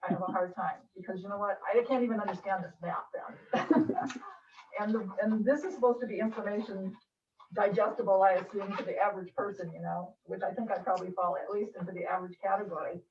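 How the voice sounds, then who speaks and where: A woman's voice: medium pitch, fairly even intonation, fast talker, a little mellow, far from the mic. A woman giving a hesitant, self-deprecating public comment at a city meeting. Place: council meeting room. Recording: echoey room from afar, muffled.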